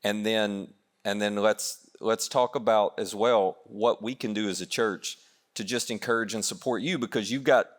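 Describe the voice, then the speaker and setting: A man with a very low voice acts as host pastor on his church stage. He talks casually, inviting his guest to speak. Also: steady tone, moderate pace. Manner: casual, conversational interviewer. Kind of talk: on-stage interview.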